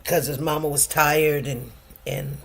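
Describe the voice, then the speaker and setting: A woman's voice: sits low, fairly even intonation, unhurried, fairly bright tone. A woman in her fifties hosting a livestream, chatting casually with viewers in a rambling, laughing way. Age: 50s. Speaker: livestream host.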